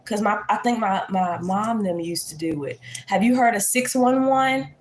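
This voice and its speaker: A woman's voice: mid-range voice, moderate pace. A woman vlogger chatting casually to her viewers, folksy and talkative. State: congested. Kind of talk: casual chat to camera.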